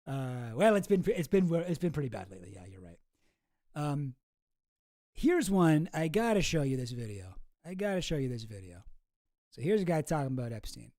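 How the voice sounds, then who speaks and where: A man's voice: a little high, very animated, moderate pace, darkish tone, no room sound, clean studio sound. A man streaming, casually reacting to clips with sarcastic, rambling commentary and many restarts.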